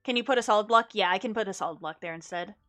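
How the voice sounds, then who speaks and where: A woman's voice: medium pitch, racing. A young woman streaming herself playing a game, chatting casually, mocking herself and humming little sound effects. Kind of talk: casual gameplay chat. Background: soft music.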